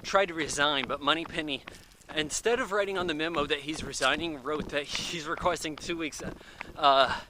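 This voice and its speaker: A man giving a casual, rambling movie review, full of fillers and quick acted-out asides, recorded outdoors near traffic. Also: on the high side, pushed and bright, rough recording.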